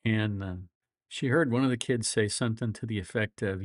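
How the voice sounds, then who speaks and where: A middle-aged man with a flat Midwestern accent, a lawyer hosting a casual livestream, rambling through folksy stories and chuckling often. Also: lowish voice, a little fast, no echo, clean studio sound. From grew up all over the world.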